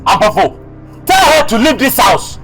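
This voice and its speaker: A man's voice: high-pitched, big pitch swings, moderate pace. A young actor playing a confused, agitated man who doesn't recognize the people around him, heard over background music. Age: young adult. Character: bewildered young man who has lost his memory. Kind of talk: youth drama acting.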